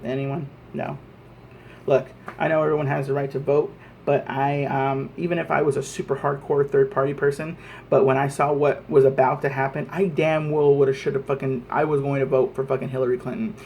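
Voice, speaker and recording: A man's voice: mid-range voice, flat delivery, brisk, vocal fry, darkish tone, slight background noise. A man vlogging an angry, profane rant to camera, repeating himself as he presses his points.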